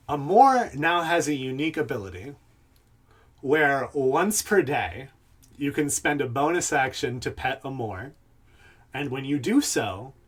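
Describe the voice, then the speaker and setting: A man's voice: medium pitch, breathy edge. A man running a tabletop game as game master, narrating in a loose, hesitant way with fillers.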